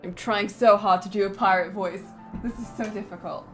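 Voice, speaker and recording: A woman's voice: mid-range voice, steady tone, moderate pace, faint music behind. A woman streamer giving casual, chatty commentary while playing a game, with self-deprecating asides.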